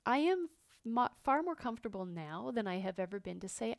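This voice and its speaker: A woman's voice: fairly high pitch, very animated, gravelly, dry recording. Woman, podcast host, earnest personal monologue, reflective, dry close recording. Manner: earnest, open, speaks of feelings with many pauses and fillers.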